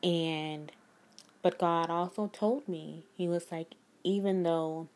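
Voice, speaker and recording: A woman's voice: fairly low pitch, slow pace. A woman, a spiritual life coach telling a personal story to her viewers in an earnest, emphatic way. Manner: earnest, emphatic, speaks of God.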